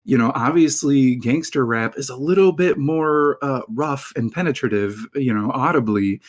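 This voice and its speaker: A man calling into a streamed debate who answers with sarcasm and mockery, often laughing. His pitch sits in the ordinary middle range. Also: normal speed. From Baltimore, US. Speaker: guest caller. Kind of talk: heated debate on a call.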